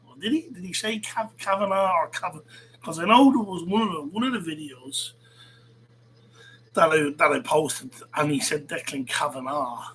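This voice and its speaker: A man's voice: a little high, normal speed, a bit bright, a little hiss or hum, low-quality recording. A man hosting his own channel, reacting to a clip with laughter, mockery and frequent swearing. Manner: laughing, mocking, swearing freely. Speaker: YouTube channel host. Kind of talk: casual commentary.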